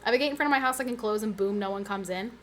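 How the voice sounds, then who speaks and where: A woman streamer chatting casually with her viewers and reading their messages aloud. She is animated and giggly, with sudden high squeals. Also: racing, a little hiss or hum. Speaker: livestreamer.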